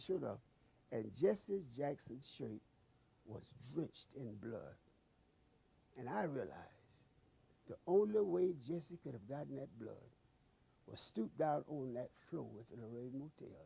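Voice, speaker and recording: A man's voice: medium pitch, vocal fry, mellow, husky, no echo. A man recounting an eyewitness memory in an emotional, dramatic storytelling manner. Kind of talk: eyewitness recollection.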